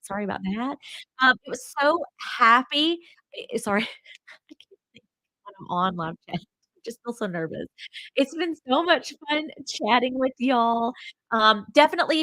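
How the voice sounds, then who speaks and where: A woman's voice: fairly high pitch, a bit bright, no echo, low-quality recording. Chatty woman with a stuffy cold. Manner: chatty, rambling, many fillers. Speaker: travel channel host. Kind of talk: casual livestream chat.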